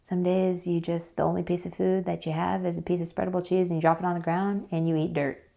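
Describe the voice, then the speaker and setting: Low, gravelly-voiced woman telling a story. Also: flat delivery, fast talker, warm tone. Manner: chatty, with many fillers. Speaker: interview guest. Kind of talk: casual storytelling.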